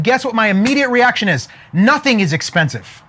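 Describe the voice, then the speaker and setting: A man's voice: extremely high pitch, lively intonation, fairly quick, fairly bright tone. A man giving a motivational talk to an online audience, speaking emphatically, checking in often with "okay?" and building stories to a punchline.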